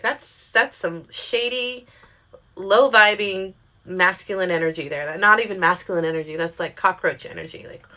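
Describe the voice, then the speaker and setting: A young woman telling a casual storytime monologue, chatty and animated, swearing freely and acting out what people said. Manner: chatty, animated, swears freely, quotes herself in pitched-up voices. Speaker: storyteller vlogger.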